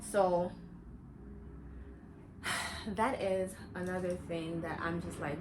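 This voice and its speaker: A woman's voice: moderate pace, pauses often, background noise. Candid, slangy young woman vlogger. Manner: candid, animated, slangy, with bursts of high-pitched emphasis. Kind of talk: casual chat while getting ready.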